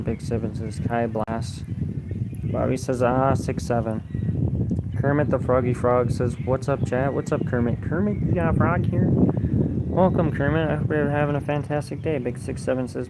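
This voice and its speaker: A young man streams from a lakeside park on his phone and reads chat aloud in a flat, mumbled monotone. He turns defensive at times. The recording is noisy, with outdoor ambience, traffic and animals behind him. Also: medium pitch. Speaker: live streamer. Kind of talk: casual live stream, reading chat aloud.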